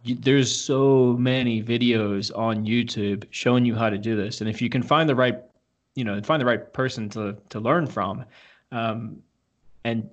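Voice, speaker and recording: A man guesting on a podcast, chatting in a relaxed, easygoing way with lots of "like". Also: mid-range voice, lo-fi sound. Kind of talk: casual conversation.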